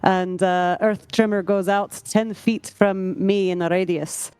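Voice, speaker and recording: A woman's voice: mid-range voice, steady tone, unhurried, darkish tone, clean tone, no room sound, faint music behind. A woman playing a tabletop game, chatty and thinking aloud as she plans her moves. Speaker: player.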